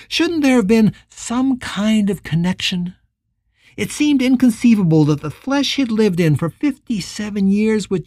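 An audiobook narrator giving a calm, measured reading of a novel. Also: medium pitch, no room sound, studio quality. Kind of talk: scripted narration.

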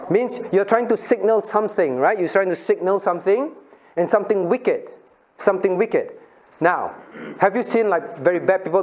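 A man's voice: sits high, darkish tone, a little hiss or hum. A middle-aged man, a pastor giving a playful Bible lesson to children and asking them questions. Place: church room with children.

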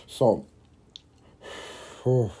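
Stoned male podcaster, loose rambling delivery, curses constantly, mellow tone. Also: very slow. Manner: rambling, heavy swearing, laughs at own jokes. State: high while smoking. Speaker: podcast host. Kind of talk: casual storytelling monologue.

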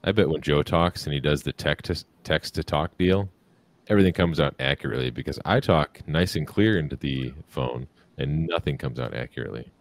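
A tired man co-hosting a casual podcast, cracking deadpan jokes. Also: extremely low pitch, fairly quick, dry recording. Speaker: podcast co-host.

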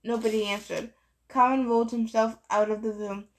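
A woman reading a novel aloud in a steady first-person storytelling voice. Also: a little high, moderate pace. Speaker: narrator. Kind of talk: audiobook reading.

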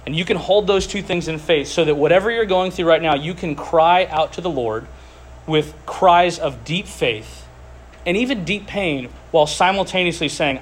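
Man preaching a sermon, earnest, a bit high voiced, slows down on the big words, faint room hum behind. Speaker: pastor. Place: room with tables, group gathering.

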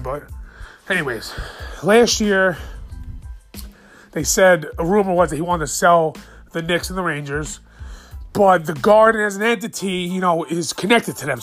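A man's voice: high voice, a bit bright. A man in his thirties from the New York area ranting about his sports teams in a casual, profane, heated podcast monologue.

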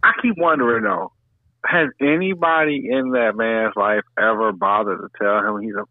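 A man's voice: mid-range voice, moderate pace, gravelly, no echo, phone-quality sound. A man co-hosting a comedic podcast, reacting incredulously and laughing often. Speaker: podcast co-host.

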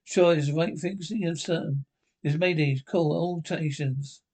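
A man's voice: fairly high pitch, steady tone, normal speed, darkish tone. An actor playing a man sending a mayday over the radio, in a 1960s TV drama style, urgent and insistent. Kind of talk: 1960s British TV drama acting.

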